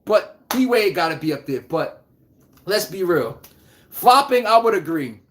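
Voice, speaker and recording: Man, podcast host, casual sports talk, animated, trash-talking, swooping lively pitch. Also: measured pace, slight background noise. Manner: addresses chat viewers by name.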